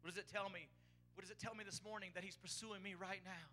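A male pastor preaching a sermon in a church, impassioned, repeating words as he builds to shouted peaks. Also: high voice, steady tone, fast, slight background noise. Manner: impassioned preaching, rising to shouts on key phrases; repeats words and restarts while building emphasis. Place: church sanctuary.

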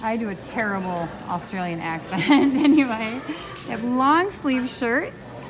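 A woman's voice: on the high side, a little slow. A woman filming a casual travel vlog outdoors at a theme park, chatty and bubbly, cooing at the animals she passes. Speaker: travel vlogger. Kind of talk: casual vlog walk-through.

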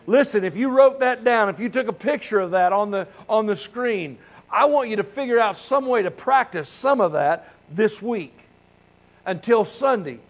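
Fervent older pastor with a high voice. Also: male voice, animated, normal speed, poor audio. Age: 60s. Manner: fervent, folksy and candid. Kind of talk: prayer and casual sermon. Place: church sanctuary.

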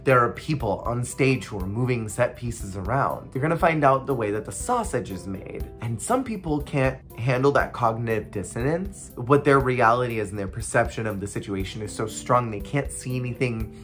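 A casual vlog storyteller with a blunt, wry way of talking. The voice sits at a middling pitch and shifts into animated, playful tones when acting out other people. Faint music plays underneath. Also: moderate pace, few pauses. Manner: animated, acts out quoted people. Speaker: former theme park cast member.

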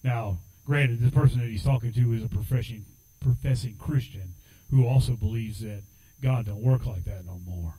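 A man preaching with a mellow, warm tone, moving easily between plain storytelling and fervent exhortation. His pitch sits in the middle for a man. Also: normal speed, husky, low-quality recording. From United States. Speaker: assistant pastor. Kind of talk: sermon.

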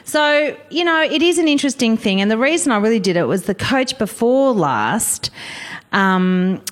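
A middle-aged Australian woman, a guest on a chat show, telling comic stories about coaching junior football in a lively, wry way and laughing often. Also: fairly high pitch, normal speed. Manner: animated storyteller, wry, laughs often, acts out voices. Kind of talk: casual chat, comic anecdotes.

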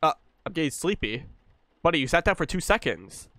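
A man's voice: on the high side, big pitch swings, a little fast, sharp tone, slight background noise. A young man giving casual, profane let's-play commentary, joking and scolding the game baby. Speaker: gaming YouTuber.

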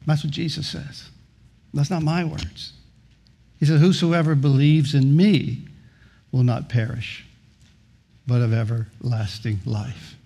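A man's voice: fairly high pitch, steady tone, takes it slowly, creaky, long pauses, mellow, slightly rough. A middle-aged male pastor preaching a sermon, telling a story and acting out its voices, often repeating words as he starts sentences. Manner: storytelling, acts out voices in anecdotes.

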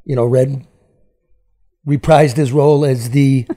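A man's voice: mid-range voice, fairly even intonation, measured pace, mellow. A man hosting a casual chat show, talking bluntly and rambling, with plenty of swearing. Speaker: host.

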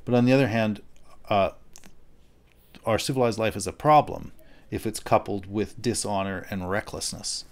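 A man's voice: on the low side, moderate pace, long pauses. A middle-aged man giving a recorded philosophy lecture in a thoughtful, conversational way, often restarting and checking in with "right?".

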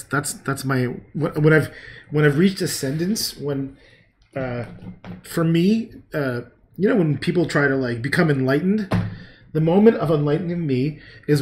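A man's voice: fairly high pitch, slight background noise. A man casually chatting with his viewers while painting on a livestream, joking and cursing and laughing at his own jokes. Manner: joking, profane, talks to viewers' comments.

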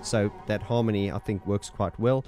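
A man's voice: on the low side, fairly even intonation, moderate pace, mellow, faint music behind. A man with an early morning voice, a keyboard player walking through his setup in a casual, enthusiastic, rambling way. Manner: enthusiastic, rambling, many fillers. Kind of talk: casual demo talk.

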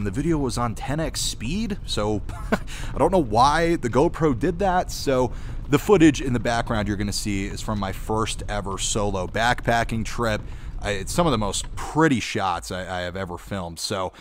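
A man's voice: on the low side, slight background noise. A young man, a YouTube host, answering viewer questions in a chatty, storytelling manner. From Utah. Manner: chatty storytelling with laughs, animated when retelling. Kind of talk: casual Q&A monologue.

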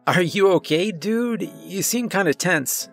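A man's voice: sits high, measured pace, gravelly, faint music behind, pitched above the performer's own voice, heavily acted. A man voicing a casual, laid-back young male college friend in a horror story. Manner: relaxed slangy talk.

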